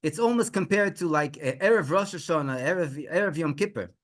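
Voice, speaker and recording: A man's voice: on the high side, brisk, fairly bright tone. A middle-aged man, a rabbi, telling a religious story with lots of restarts, fillers and rhetorical questions.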